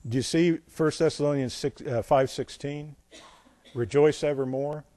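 A man's voice: fairly high pitch, fairly even intonation, moderate pace, dry recording. Man preaching a sermon in a dry room. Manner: reads scripture aloud, then explains it with folksy asides; dramatic swings between loud emphasis and quiet asides. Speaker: pastor.

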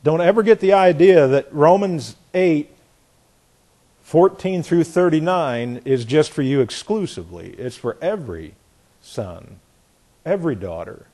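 A man preaching an expository sermon, hammering home key phrases by repeating them and dropping into quiet asides. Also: fairly high pitch, expressive, a little slow, pauses often.

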